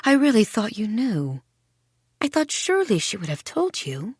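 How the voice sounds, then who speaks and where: A woman narrator voicing a fawning shopkeeper who speaks softly and sweetly. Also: a little high, wildly swooping pitch, moderate pace, breathy edge, no echo, clean studio sound, voice pushed up, exaggerated voice. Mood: apologetic. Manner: soft, sugary and placating. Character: fawning, smiling middle-aged female shopkeeper.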